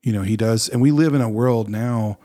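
A man's voice: medium pitch, brisk, mellow. A man, a pastor, talking in a casual faith podcast with an earnest, reflective manner and frequent fillers and restarts.

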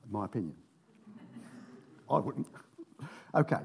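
A man's voice: on the high side, wildly swooping pitch, moderate pace, creaky, long pauses, husky. A man preaching, reading scripture aloud with jokey asides between the verses. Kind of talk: sermon with Bible reading.

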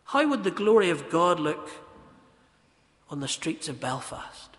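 A man preaching with passion, his raised and bright voice ringing through a reverberant church hall. He swings from ringing emphasis down to hushed, intense asides, pressing rhetorical questions on his listeners. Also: fairly high pitch, sing-song, measured pace. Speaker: pastor. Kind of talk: sermon.

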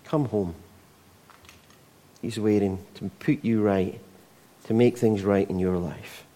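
A man's voice: on the low side, steady tone, a little slow, mellow. A Scottish man preaching a conversational sermon, with frequent asides to the congregation. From Scotland.

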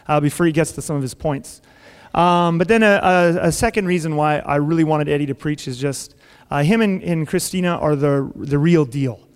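A man's voice: on the high side, smooth. A man pastor introducing a guest speaker in a chatty, joking way, with many fillers, in a large church. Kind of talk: sermon introduction. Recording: long hall reverb.

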